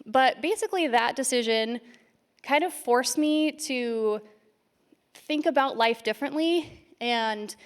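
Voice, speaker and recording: Woman, conference speaker, a little high-pitched, shaky with stage nerves, self-deprecating storyteller. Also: a little slow. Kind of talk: lightning talk.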